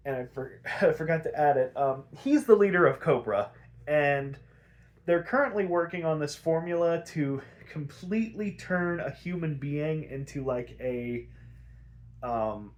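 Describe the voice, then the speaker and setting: A young man with a somewhat high-pitched voice recaps a cartoon episode in loose, rambling talk. He swears freely and jumps into quick impressions of the characters' lines, stopping now and then to fix details he left out. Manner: rambling, profane, animated retelling with acted quotes. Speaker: podcast host.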